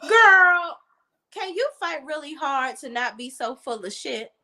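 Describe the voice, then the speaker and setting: Blunt animated woman with a DC accent. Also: high-pitched, moderate pace. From Washington, D.C. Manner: blunt, animated, swears freely. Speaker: podcast co-host. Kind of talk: casual commentary chat.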